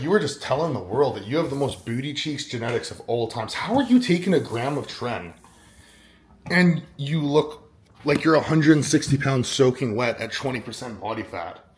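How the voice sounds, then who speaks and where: A man's voice: medium pitch, roomy sound. A young man talking casually in a fitness vlog, rambling and acting out what other people said. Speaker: fitness vlogger. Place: kitchen at home, then a gym.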